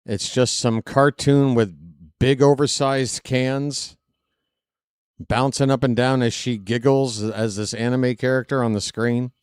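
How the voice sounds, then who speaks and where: A man's voice: mid-range voice, fairly even intonation, measured pace, clean tone, no echo, clean studio sound. A man hosting a live stream, talking to the chat in a sarcastic, mocking way. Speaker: host. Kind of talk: live stream commentary over a replayed clip.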